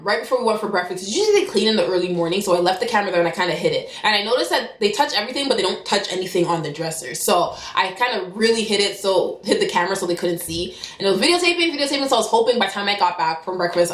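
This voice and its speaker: A young woman from Canada telling a story to camera in a fast, animated way, acting out heated back-and-forth dialogue. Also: medium pitch. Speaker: vlogger. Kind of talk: storytime vlog. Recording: roomy echo.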